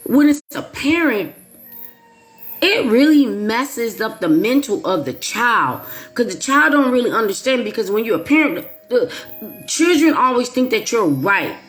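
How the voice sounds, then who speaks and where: Animated woman storytelling to her viewers. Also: on the high side, measured pace, faint music behind. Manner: animated, emphatic, with playful asides. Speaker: YouTube channel host. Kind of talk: casual storytelling monologue to viewers.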